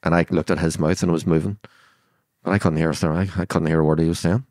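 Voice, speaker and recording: A man's voice: low-pitched, fairly even intonation, fast talker, darkish tone, no echo, clean studio sound. A man in his sixties with a Belfast accent, a podcast guest retelling events bluntly and acting out the dialogue as he goes. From Northern Ireland. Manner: vivid retelling that acts out quoted dialogue; blunt, swears freely. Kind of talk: storytelling interview.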